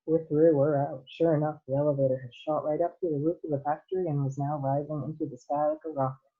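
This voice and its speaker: A woman teacher reading a children's novel aloud at a careful, measured pace, heard over a tinny phone-like line. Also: deep voice, fairly even intonation, breathy edge.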